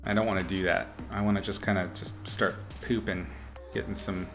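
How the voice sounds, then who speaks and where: Soft music plays behind a man whose low-pitched, slightly bright voice holds a level tone at a slightly quick pace. He's an art teacher livestreaming playful, upbeat critiques laced with mock-brutal humor.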